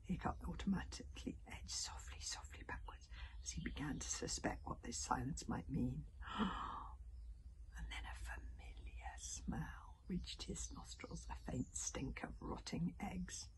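A woman's voice: low voice, normal speed. A woman in a whispered storybook reading, narrating a chapter and adding her own little asides. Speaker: reader.

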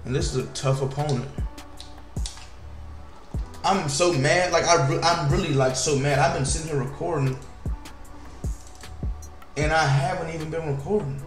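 A man casually commenting while playing a video game, slangy and animated, with sudden loud outbursts. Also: fairly high pitch, moderate pace, long pauses, echoey room, faint music behind. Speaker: gaming YouTuber.

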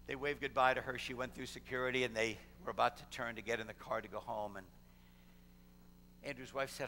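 A man's voice: medium pitch, a little fast, bright, forceful tone, a little hiss or hum. A middle-aged man preaching a sermon as pastor, telling a story and building to a fervent close. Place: church sanctuary. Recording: long hall reverb in a church sanctuary.

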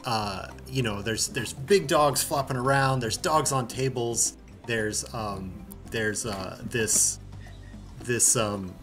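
A man narrating a tabletop game as game master, halting and searching for his words. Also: mid-range voice, fairly bright tone, soft background music.

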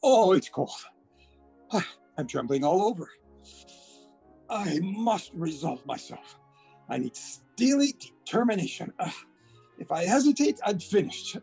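A man's voice: high-pitched, very animated, a little slow, vocal fry, pauses often, mellow, faint music behind, full character voice. An actor in his thirties playing a nervous, stammering suitor who keeps repeating words, in an amateur remote stage play. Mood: fretful. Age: 30s. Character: nervous anxious 35-year-old suitor. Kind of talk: amateur stage acting over video.

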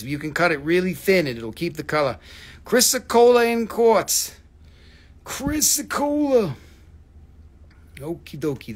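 A middle-aged man hosting a live-stream sale of rocks and minerals, talking in an excitable, hyping way and swearing freely. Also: a little high. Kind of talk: live-stream sales chat.

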